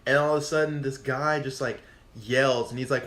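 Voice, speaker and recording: A man in his twenties, a podcast guest, telling a casual story in a profane, animated way and acting out what people said. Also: medium pitch, normal speed. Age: 20s. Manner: profane, animated, acts out quotes. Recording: echoey room.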